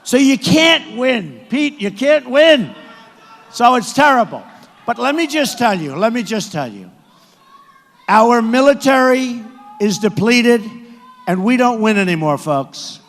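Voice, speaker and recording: A man with a high-pitched voice gives a boastful campaign rally speech in a large indoor arena, repeating himself and often rising to a shout. His words ring out through a PA with a long echo. It sounds like a podium microphone in a big room. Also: animated, a little slow. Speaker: political candidate addressing supporters.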